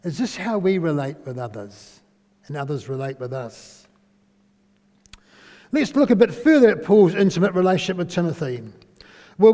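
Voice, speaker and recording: A man's voice: high-pitched, dark tone. A man giving a conversational sermon, often asking listeners questions and tagging lines with "eh?". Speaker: preacher. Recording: long hall reverb.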